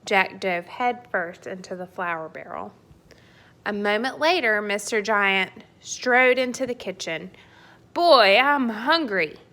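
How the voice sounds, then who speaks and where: A woman narrating a children's storybook in a slow, unhurried way. Her tone is bright and clear, and her delivery is playful and expressive. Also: mid-range voice. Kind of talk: children's storybook read-aloud.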